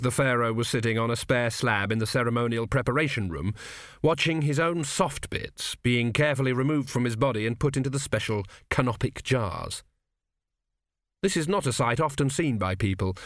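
A man narrates a comic novel in a measured, wry manner. His voice sits at an ordinary middle pitch. The read is close and dry, with no room sound. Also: a bit bright, no room sound. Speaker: audiobook narrator.

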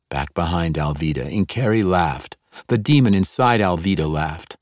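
A man narrating a dark fantasy audiobook in a measured storytelling manner. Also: low-pitched, expressive, no room sound, studio quality.

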